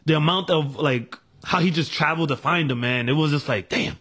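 Rambling man with a higher voice. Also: fairly bright tone, husky. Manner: rambling, halting storytelling. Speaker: podcast co-host. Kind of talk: casual chat among friends.

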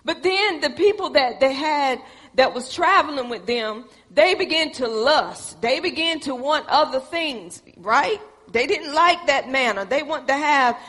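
A woman's voice: high voice, fairly bright tone. A woman preaching a sermon, folksy and calling on the congregation for responses. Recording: echoey hall with long reverb.

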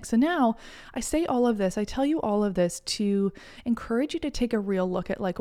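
A woman hosts a self-help podcast, speaking earnestly and encouragingly to her listeners as a confidence mentor in reflective solo talk. Her voice is mid-range with a warm tone.

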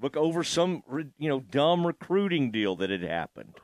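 A man's voice: a little high, big pitch swings, normal speed, no echo. A man hosting an interview in a casual way, asking rambling, hesitant questions with many restarts. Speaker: podcast host.

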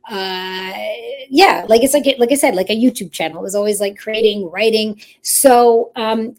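A woman's voice: a little high, a little mellow. Woman guest in her 30s telling a long story, chatty, laughs a lot, keeps backtracking. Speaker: children's TV performer, guest. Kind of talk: casual interview storytelling.

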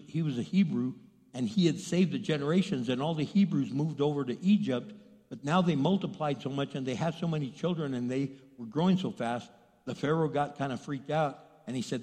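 A man preaching a sermon as pastor, telling stories in a lively way with acted-out dialogue and laughs. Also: fairly high pitch. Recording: long hall reverb.

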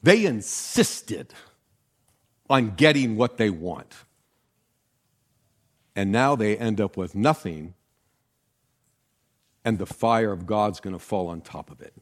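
An older man, a pastor, preaching a sermon with jokes, jumping up in pitch to stress words. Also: takes it slowly, long pauses. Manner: animated, jokey, leaps in pitch for emphasis.

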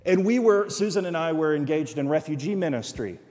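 Animated male preacher in a reverberant church. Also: fairly high pitch, brisk, background noise. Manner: animated storytelling, acting out quoted voices. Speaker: guest preacher. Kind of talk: sermon. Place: church sanctuary.

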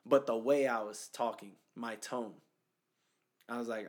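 Animated storytelling man, casual talk. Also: mid-range voice, measured pace. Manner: animated storyteller, acts out quoted voices. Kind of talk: casual faith conversation.

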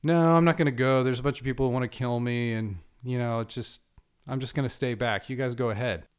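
Blunt, offhand young preacher, as a man puts him on, low-key and casual. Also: fairly even intonation, a little fast, smooth, close to an everyday voice. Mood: dismissive. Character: blunt, laid-back young male preacher.

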